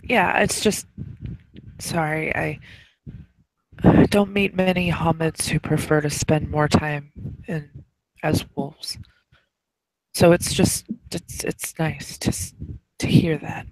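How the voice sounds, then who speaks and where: A woman voicing a meek adult female werewolf who stumbles over her words in a soft, hesitant way. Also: deep voice, steady tone, slow pace, pauses often, no room sound, full character voice, poor audio. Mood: shy.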